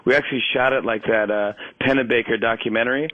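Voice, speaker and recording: A man telling stories as a guest on a casual radio interview, animated and laughing often, with many restarts. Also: medium pitch, quick pace, muffled recording. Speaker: talk show host as guest.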